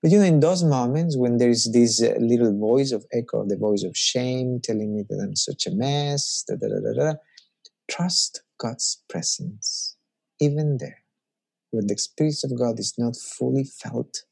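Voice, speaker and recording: A man's voice: mid-range voice, measured pace, gravelly, a little mellow, slightly rough. A man preaching a conversational sermon as a pastor, reflective and personal, musing aloud.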